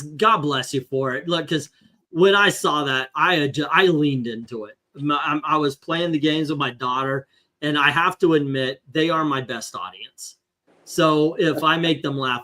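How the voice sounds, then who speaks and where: Lively, bright-toned man hosting a comics chat. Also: medium pitch. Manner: animated storyteller, voices impressions. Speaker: comic book channel host. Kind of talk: casual panel chat.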